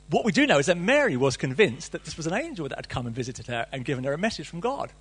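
Male preacher, middle-aged, husky, lively sermon delivery with playful asides. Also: high voice, quick pace, hardly any pauses. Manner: reads scripture then riffs animatedly, playful asides.

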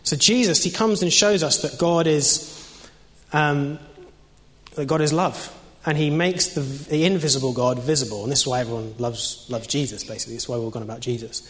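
A man's voice: medium pitch, fairly quick, fairly bright tone. A young man preaching an informal sermon in a conversational way, with many fillers and restarts. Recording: long reverb of a hall.

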